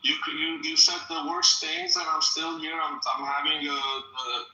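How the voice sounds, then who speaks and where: A man's voice: a little high, steady tone, moderate pace, pushed and bright, reverberant, rough recording. A man with a Persian accent arguing in a heated online debate, mocking and insisting he is polite. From Iran. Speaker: debate participant.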